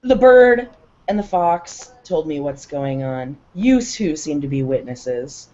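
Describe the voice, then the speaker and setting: Stern werewolf pack leader, curt, commanding, lowish voice, woman doing it, lo-fi recording. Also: animated, slow pace, mellow. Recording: dull lo-fi recording.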